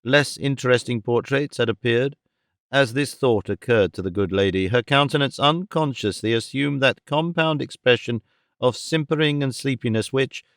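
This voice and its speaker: A man narrating a classic novel as an audiobook, in a measured, wry storytelling manner. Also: mid-range voice, no room sound, studio quality.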